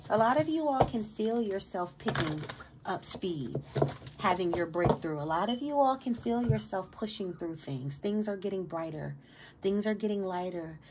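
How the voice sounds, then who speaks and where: A woman's voice: medium pitch, lively intonation, moderate pace, very noisy. A woman giving a casual tarot reading to her viewers, emphatic and streetwise, swearing freely and stammering on repeated words in a motivational pep talk. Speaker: tarot reader.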